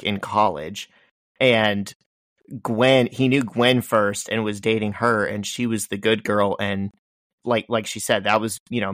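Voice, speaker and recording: A man with a lowish voice co-hosting a podcast. He is wry and jokey and explains background at length. The sound is dry, with no room echo. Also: fairly bright tone. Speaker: podcast co-host. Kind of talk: casual chat.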